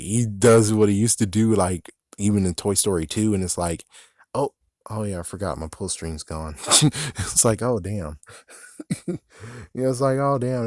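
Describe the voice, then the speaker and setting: Low-voiced man ranting, swearing a lot. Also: darkish tone, no echo, studio quality. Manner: profane, exasperated, laughs at himself. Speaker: movie reviewer. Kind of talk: casual ranting review.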